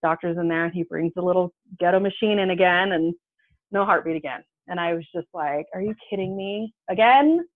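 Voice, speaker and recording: Talking fairly quickly in a fairly low voice, a podcast guest in her thirties recounts something that happened to her in casual conversation. She animatedly performs the voices she quotes, over a tinny, phone-like line that's dry with no echo.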